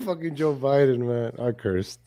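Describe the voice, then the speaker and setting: A man's voice: medium pitch, warm tone. Blunt, laughing livestream host man. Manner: blunt, cursing, quick to laugh. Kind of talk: casual political commentary.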